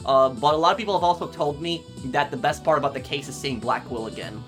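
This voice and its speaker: A man's voice: fairly high pitch, fast, fairly bright tone. A man hosting a video game playthrough, chatting casually to viewers with lots of fillers. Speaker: let's play host. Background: game music.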